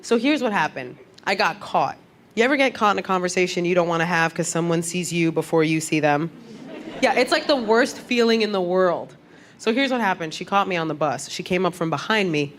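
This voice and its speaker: A woman comedian telling brash, animated, streetwise stories in a stand-up set on a club stage. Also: fairly low pitch, brisk, slight background noise. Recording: live club with loud audience.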